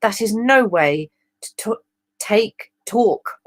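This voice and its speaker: A woman's voice: lowish voice, moderate pace, no echo, lightly acted. A British woman voicing a kindly old farm wife who chides her husband in a read-aloud fan story. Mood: chiding.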